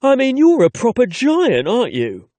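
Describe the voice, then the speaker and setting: A man puts on a cheerful young man with a London accent, friendly and chatty, his voice lifted well above a plain speaking pitch. He swoops lively up and down, sounding close and dry in an audiobook. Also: moderate pace, no echo, heavily acted. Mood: surprised. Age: young adult.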